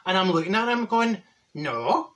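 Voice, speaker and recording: A man's voice: high-pitched, sing-song, normal speed, fairly bright tone. A man playing a straight-talking older Glaswegian woman, telling a comic story in a broad, chatty Glaswegian Scottish accent. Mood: gossipy. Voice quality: broad, chatty, full of "wee" and "right?". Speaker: comic character monologue.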